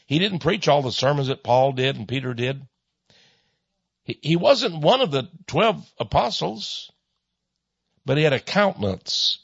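A man preaching and pitching his book in a folksy way, chuckling often and restarting his sentences. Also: vocal fry, husky, no room sound. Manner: chuckling storyteller with many stammered restarts. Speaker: author and Christian speaker. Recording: dull lo-fi recording.

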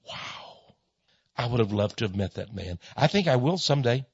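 A man preaching and pitching his book in a folksy way, chuckling often and restarting his sentences. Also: animated, normal speed, breathy edge, no echo. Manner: chuckling storyteller with many stammered restarts. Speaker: author and Christian speaker. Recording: dull lo-fi recording.

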